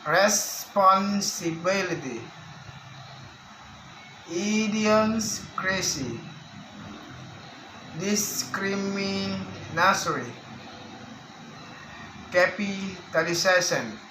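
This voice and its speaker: Slow, bright-voiced man reading a lesson. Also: high voice. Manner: slow, careful reading of word lists with restarts. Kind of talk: reading a phonetics lesson aloud. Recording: echoey room with faint background hiss.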